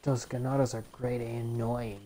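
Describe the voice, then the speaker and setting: Woman, low voice, let's play commentary, swears a lot, easily exasperated, faint hiss. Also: level tone, normal speed, dark tone. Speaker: gamer.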